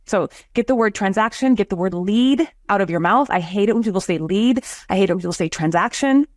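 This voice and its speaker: A woman's voice: mid-range voice, animated, a little fast, a little mellow, no room sound, clean studio sound. A woman who works as a real estate agent and hosts a show, chatting casually and telling stories with acted-out quotes. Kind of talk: casual livestream chat.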